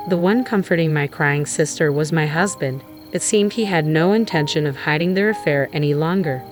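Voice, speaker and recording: A woman narrating a first-person drama story in a measured, grave tone, with music playing underneath. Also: low voice.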